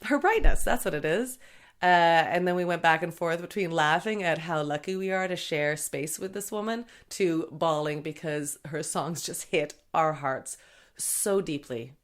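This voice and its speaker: Woman, podcast host, chatty, bubbly, self-mocking humor, slightly low voice. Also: unhurried. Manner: bubbly and chatty, jokes and laughs at herself. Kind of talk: solo podcast intro monologue.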